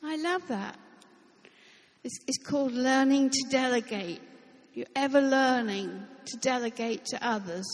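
Slow, high-voiced woman preaching in a hall. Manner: slow, emphatic, with light joking asides. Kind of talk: sermon.

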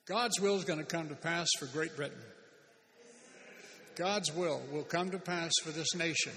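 A man preaching a sermon as a pastor, animated and emphatic, with sudden loud bursts and speech. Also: sits high, moderate pace. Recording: long hall reverb.

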